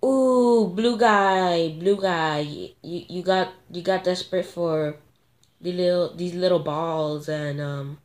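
A woman commentating her own gameplay, excitable and gasping at sudden moments, thinking aloud and talking to viewers. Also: on the low side, slow pace. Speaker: gamer.

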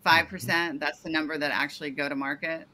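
A woman's voice: low voice, steady tone, fairly quick, bright, forceful tone. A woman coaching a startup founder over a video call, giving detailed feedback and often correcting herself mid-sentence.

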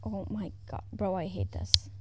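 A woman at home giving casual, excitable commentary as she plays a video game. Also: mid-range voice, unhurried, very noisy. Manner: excitable, exclaiming often, chatting to herself. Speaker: gaming YouTuber. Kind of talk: casual let's-play commentary.

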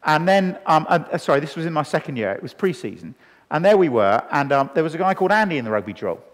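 Lively man preaching in a hall. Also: fairly high pitch, quick pace. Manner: animated storytelling, acting out dialogue. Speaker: evangelist preacher. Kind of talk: sermon. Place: church hall with a live audience. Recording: long reverb in a hall.

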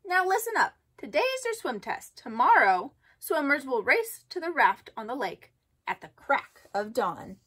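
A woman voicing a bossy male camp director in a storybook read-aloud, speaking in a loud, announcing manner. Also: sits high, big pitch swings, unhurried, full character voice.

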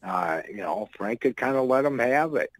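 A former pro wrestler in his sixties, appearing as a guest, rambles through loose anecdotes in blunt, salty language. His mid-range voice is expressive and moves at a moderate pace, though the recording is rough.

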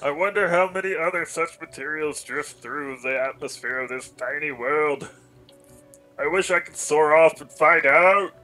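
A man voicing an excited male scholar reading his research journal aloud, in a British accent with dramatic, wondering delivery. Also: a little high, moderate pace, faint music behind, pitched above the performer's own voice, rough recording.

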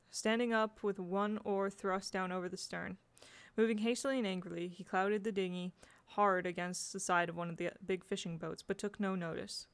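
A woman's voice: medium pitch, creaky. A woman reading a children's novel aloud as an amateur narrator, with occasional slips and restarts. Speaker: audiobook reader. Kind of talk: storybook narration.

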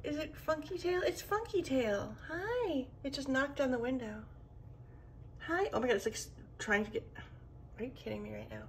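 A woman filming at home by a window, exclaiming excitedly, cooing baby talk and dropping into whispers. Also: a little high, slight background noise. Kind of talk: casual home video commentary.

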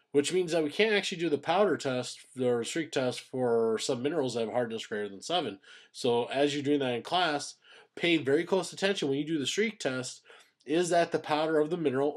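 A man's voice: medium pitch, brisk. A man teaching a science class in a recorded lecture, explaining step by step and stressing key terms.

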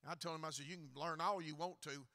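A middle-aged man with a Southern accent, preaching a Pentecostal revival sermon in a folksy, joking way that rises to loud preaching. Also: on the high side, fairly even intonation, fast talker. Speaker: guest preacher.

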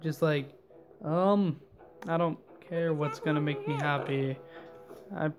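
A young man telling a rambling, animated story while playing a game, full of fillers and asides. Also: on the high side, takes it slowly, music in the background. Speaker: gaming channel host.

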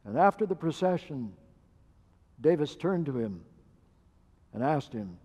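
High-voiced, slow-speaking male pastor preaching. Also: sing-song, warm tone, husky, dull audio. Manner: measured storytelling with hesitant fillers. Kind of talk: sermon. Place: church sanctuary. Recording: church hall reverb.

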